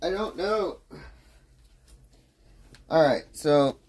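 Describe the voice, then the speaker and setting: A man's voice: a little high, lively intonation, drawn-out words. A young man hosting a casual livestream chat, loose and profane, rambling and laughing while he drinks beer. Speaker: livestream host.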